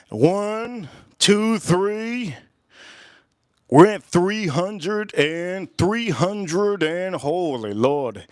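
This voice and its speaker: Rambling, laughing man with a smooth voice. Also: fairly high pitch, no echo, studio quality. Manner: rambling, repeats himself, swears casually; animated, laughing while telling a story. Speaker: livestream host. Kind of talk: casual storytelling on a cooking livestream.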